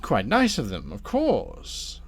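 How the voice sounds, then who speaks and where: A man voicing a smooth, polite devil who offers scheming deals in a tabletop game. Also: medium pitch, wildly swooping pitch, slow pace, full character voice. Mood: persuasive. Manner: polite, silky, persuasive.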